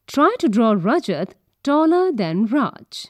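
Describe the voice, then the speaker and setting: A woman reading a children's textbook aloud, slow and deliberate. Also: on the high side, big pitch swings, dry recording. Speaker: textbook narrator. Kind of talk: scripted children's textbook narration.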